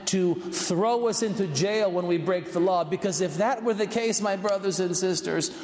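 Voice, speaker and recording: High-voiced priest preaching in an echoey church. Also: male voice, normal speed, a little mellow. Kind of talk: sermon. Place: large church.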